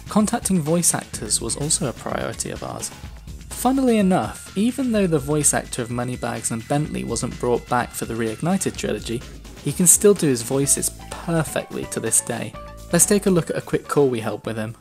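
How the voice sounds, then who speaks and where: A man narrates a documentary in a plain, informative way, his mid-pitched voice carrying a gravelly creak. Faint music plays behind. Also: lively intonation, moderate pace, darkish tone. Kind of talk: scripted narration.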